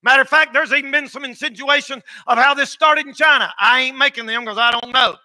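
A man preaching a sermon as pastor of a church, emphatic and often shouting. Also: very high-pitched, fast talker, no room sound.

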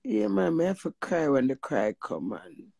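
Gravelly Jamaican woman giving emphatic testimony. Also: sits low, very animated, moderate pace, warm tone, no room sound. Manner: preachy and emphatic, often asking "you hear that?"; mixes patois with swearing. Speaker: vlogger sharing personal testimony. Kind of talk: emotional spoken testimony.

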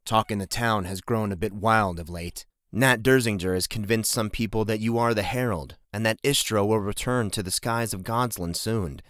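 A man voicing a concerned middle-aged farmer speaking calmly to his daughter. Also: on the low side, moderate pace, hardly any pauses, no room sound, studio quality, natural voice. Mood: gentle. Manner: calm, fatherly.

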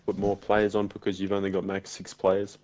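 A man's voice: sits low, completely flat delivery, brisk, a little mellow, dull audio. A man from Australia with an Australian accent, joking casually in game chat. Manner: joking, laid-back. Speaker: gamer in party chat.

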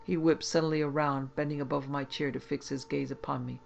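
A man reading a classic horror story aloud in measured, scripted first-person narration. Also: medium pitch, flat delivery, creaky, slight background noise.

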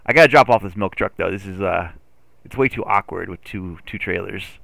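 A man streaming a farming game live, chatting playfully with his chat and getting excitable over his driving. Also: sits low, fairly quick, gravelly, no room sound. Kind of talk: live gameplay commentary.

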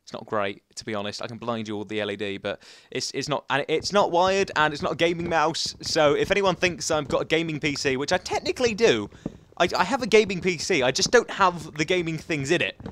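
A man's voice: fairly high pitch, expressive, brisk, a bit bright, slight background noise. A young man giving chatty, rambling commentary while playing a survival game, talking to the viewers and to the animals. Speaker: gaming YouTuber.

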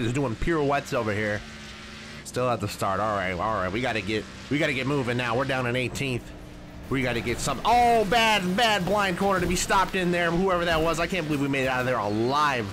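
A man commentating his own racing game play in a casual, excitable way, with sudden loud yelps at crashes. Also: medium pitch. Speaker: gaming channel host. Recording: noisy game audio underneath.

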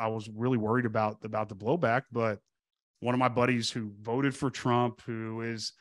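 A man's voice: mid-range voice, no room sound. A middle-aged man from Texas, a podcast guest telling casual stories, swearing freely, stumbling over restarts and acting out the people he quotes. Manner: profane, animated, acts out quoted voices with restarts. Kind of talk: casual conversational storytelling.

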